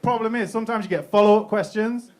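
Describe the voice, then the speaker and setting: A man's voice: sits high, fairly even intonation, quick pace, darkish tone, some chatter behind, slight background noise. A young British man performing a stand-up comedy set in a club, talking casually, swearing freely and laughing at his own jokes. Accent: British English.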